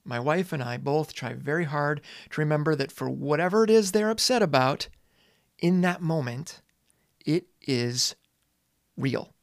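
A man in his forties, a teacher and parent, talking earnestly and casually with dramatic pauses and some swearing. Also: a little high, creaky, no room sound, studio quality. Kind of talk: reflective monologue.

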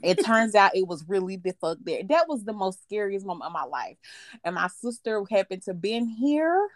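A woman co-hosting a podcast, telling a story in a profane, animated way and laughing as she goes. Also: medium pitch, moderate pace, dry recording. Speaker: podcast co-host. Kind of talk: casual storytelling chat.

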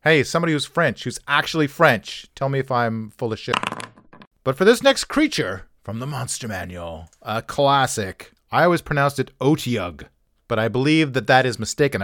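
A man hosting a pronunciation channel talks things through casually, tossing out wry, offhand jokes and self-mocking asides. His mid-range voice has a fairly bright tone, recorded in clean studio sound with no room sound.

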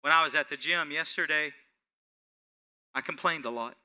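A man preaching a sermon, building to rising, emphatic passages and slowing to stretch out key phrases. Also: fairly high pitch, pushed and bright. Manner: preaching with swelling intensity and slow, drawn-out emphasis. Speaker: pastor.

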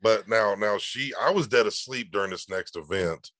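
A man's voice: lowish voice, normal speed, a bit bright, no echo. A man, a guest in a casual chat, speaking plainly in short bits.

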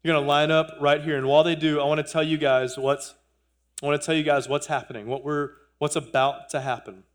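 A man's voice: a little high, fairly even intonation, fairly quick. A man in his thirties, a pastor, preaching a sermon in church in an earnest way, repeating phrases and joking with the congregation. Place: church sanctuary.

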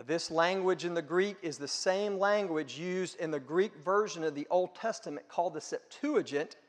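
A man preaching a sermon with a fairly high voice. He talks earnestly and conversationally, asking questions aloud. His voice rings with a long reverb, as in a big hall. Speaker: pastor.

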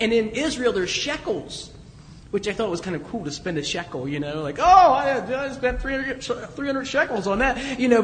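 A man with a notably high voice delivers a chatty sermon, telling stories with light chuckles. His voice rings out in a long reverb, as if in a large church hall, with a faint low rumble underneath. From United States. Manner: conversational storytelling with chuckles. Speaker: pastor.

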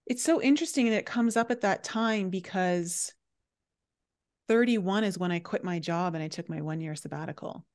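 A woman in her thirties hosting a podcast, telling a personal story in an animated way and laughing often. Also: fairly low pitch, normal speed. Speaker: podcast host. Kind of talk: casual chat.

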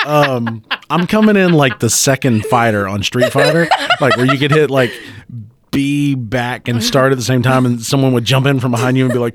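Animated, laughing man telling stories. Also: mid-range voice, background noise. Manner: animated storyteller, laughs often. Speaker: podcast co-host. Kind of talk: casual chat.

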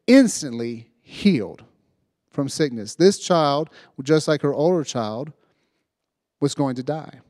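A man preaching to young people, retelling a story with lively asides and checking in with "right?" as he goes. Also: on the high side, takes it slowly, no room sound, clean studio sound. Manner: animated retelling, acting out voices, frequent "right?". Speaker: youth preacher. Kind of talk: storytelling sermon.

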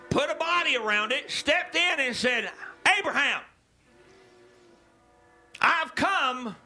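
A male preacher delivering a sermon, dropping to low murmurs and rising to shouted calls to the congregation. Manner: swings from low murmurs to loud shouted exhortations.

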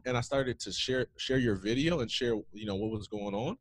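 A man's voice: medium pitch, lively intonation, normal speed, slight background noise. A man in his thirties, a former athlete, telling his story in a casual interview with many "man" and "um" fillers. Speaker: guest, former athlete and founder.

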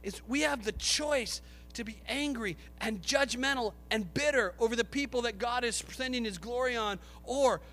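A man preaching a sermon with passion, rising to shouts and acting out the voices of biblical figures. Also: very high voice, moderate pace, long reverb tail.

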